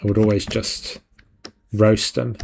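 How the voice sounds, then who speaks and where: A man's voice: on the low side, little pitch movement, measured pace, creaky, a little hiss or hum. A man hosting a live stream, chatting casually and jokingly with viewers while he works, laughing often. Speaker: 3D art stream host.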